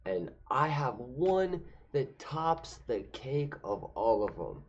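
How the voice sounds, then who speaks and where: A man's voice: mid-range voice, sing-song, takes it slowly. A young man telling a funny personal story casually, rambling and cursing. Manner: rambling, profane, lots of fillers and restarts. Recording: dull lo-fi recording.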